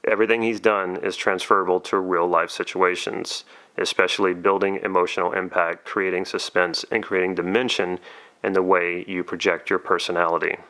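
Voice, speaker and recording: Deep gravelly man narrating commentary. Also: flat delivery, pushed and bright. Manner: measured, analytical explaining. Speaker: YouTube channel host, persuasion coach. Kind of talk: scripted video commentary.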